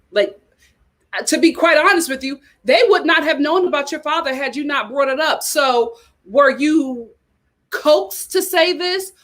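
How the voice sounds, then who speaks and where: A woman ranting as a reality TV commentator, talking in an animated, exasperated way. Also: sits high, measured pace. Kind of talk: casual chat.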